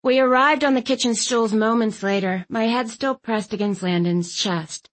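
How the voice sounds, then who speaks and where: A woman's voice: a little high, normal speed. Woman narrating a wry audiobook. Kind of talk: first-person scripted narration.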